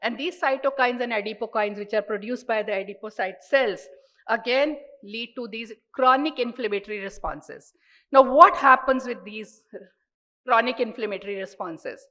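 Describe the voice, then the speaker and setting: A woman's voice: a little high, normal speed, bright, forceful tone, poor audio. A woman with an Indian accent giving an earnest, explanatory medical lecture at a conference, repeating words for emphasis.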